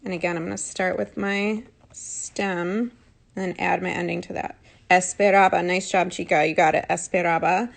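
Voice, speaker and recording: A woman's voice: on the low side, little pitch movement, normal speed, vocal fry. A woman teaching a live online lesson from her phone, patiently and encouragingly correcting students' answers. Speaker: Spanish teacher.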